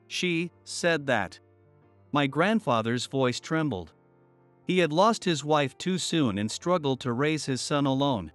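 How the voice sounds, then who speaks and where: A man reading a first-person story in an even, measured storytelling voice. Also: mid-range voice, clean tone, no room sound, faint music behind. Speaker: narrator.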